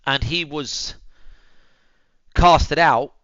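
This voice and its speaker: A man's voice: on the high side, very slow, a bit bright, no room sound, lo-fi sound. Swearing guy telling a story. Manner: swears freely, addresses viewers as boys and bro; tends his dog while talking, drops to mutters. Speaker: streamer. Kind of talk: casual storytelling.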